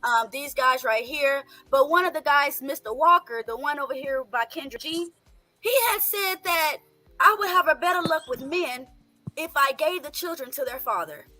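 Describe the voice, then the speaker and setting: A woman, a mother, talking in an excitable, emphatic way with some profanity in casual chat. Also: high voice, normal speed, dry recording. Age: adult mother.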